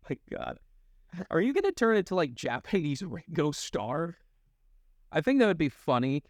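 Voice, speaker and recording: As a podcast co-host in casual chat, a young man jokes and laughs in a fairly high voice with wide pitch swings. He's very animated at a moderate pace, recorded dry and close to the mic with no echo.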